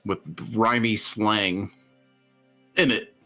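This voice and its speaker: A man's voice: fairly low pitch, fairly even intonation, drawn-out words, sharp tone, soft background music. A man co-hosting a podcast in casual chat, rambling with frequent restarts and chuckles. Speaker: podcast co-host.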